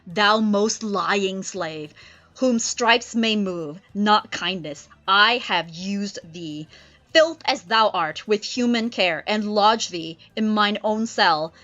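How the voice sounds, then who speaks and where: Woman reading a stern old male sorcerer, scornful, slow declaimed verse, bright voice, dull lo-fi sound with faint music. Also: medium pitch.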